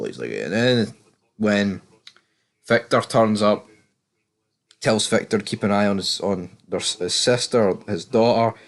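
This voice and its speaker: A man's voice: lowish voice, expressive, a little slow, gravelly, long pauses. A British man giving a casual, rambling and opinionated recap of a TV episode, swearing freely as he goes. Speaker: TV series reviewer.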